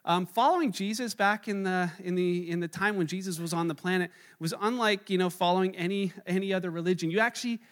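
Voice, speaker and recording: Man, pastor, high voice, conversational sermon, lively storytelling, acts out quotes. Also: fast, few pauses. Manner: conversational and animated, acting out quoted people.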